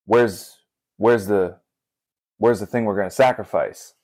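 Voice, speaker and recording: A man's voice: lowish voice, unhurried, a little mellow, dry recording, studio quality, voice pushed down. A man voicing a confused, questioning boy. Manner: hesitant, stumbling questions.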